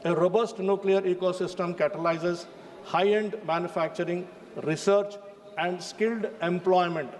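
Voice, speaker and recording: A man's voice: high voice, darkish tone, big-room sound, a little hiss or hum. A man with an Indian English accent giving a formal, emphatic speech in a parliamentary debate, addressing the chair. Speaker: member of parliament. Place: parliament chamber.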